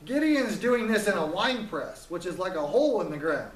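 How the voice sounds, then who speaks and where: A man's voice: high voice, sing-song, normal speed, echoey room, far from the mic, poor audio. A man teaching a Bible story in a casual, joking way, acting out the characters' lines as he retells it.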